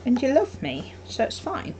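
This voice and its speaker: A woman's voice: fairly high pitch, wildly swooping pitch, moderate pace, dark tone, slight background noise. A young woman from Wolverhampton, chatting casually and teasing herself while she crafts at home on a live stream. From Wolverhampton, England. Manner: chatty, self-deprecating, rambling.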